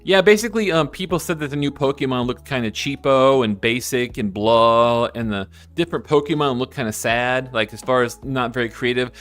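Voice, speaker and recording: A man's voice: fairly quick, few pauses, soft background music. A man streaming live and chatting casually, reading viewer comments aloud, rambling and often sidetracking himself with many restarts. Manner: animated, jumps high in pitch when excited.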